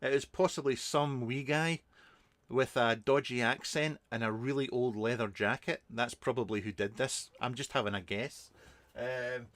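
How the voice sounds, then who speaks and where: A man's voice: mid-range voice, fairly even intonation, moderate pace, a bit bright, no echo. A man, a reviewer hosting a casual live stream, answering viewers in a rambling, chatty way with many ums and restarts.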